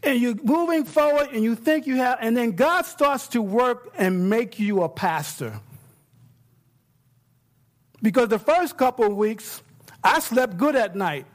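A middle-aged man preaching a sermon as pastor, talking conversationally and swinging between quiet, hushed points and excited bursts. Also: extremely high pitch, unhurried.

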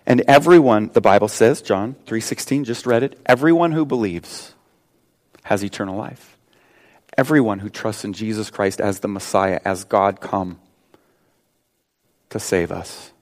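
A male pastor delivering a sermon at a church service, swinging between loud, emphatic preaching and a hushed prayer, often repeating and restarting his words. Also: lowish voice.

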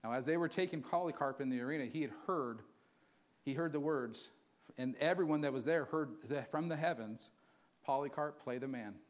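A man preaching a sermon to his church, moving from quiet storytelling to fervent, emphatic preaching. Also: medium pitch, normal speed. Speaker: pastor.

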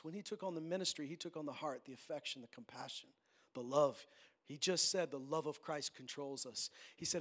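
A male pastor preaching a sermon, swinging between loud, ringing declarations and low, soft pleading. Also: brisk. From Canada.

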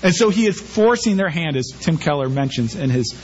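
Man, sermon, rhetorical questions, a bit high-pitched, dull recording. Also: fairly quick, slight background noise. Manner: animated preaching with rhetorical questions. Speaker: pastor.

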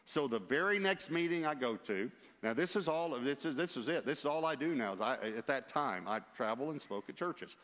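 A male preacher telling a personal story in an emphatic, lively way, with asides to his listeners, in a church. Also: mid-range voice, brisk, few pauses. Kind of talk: storytelling sermon. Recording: long reverb of a large hall.

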